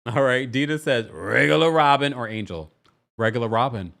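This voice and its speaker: A man hosting a casual live-stream recap of a reality show, chatty and playful, reading viewer comments and doing quick quoted voices. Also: mid-range voice, lively intonation, vocal fry, noisy background.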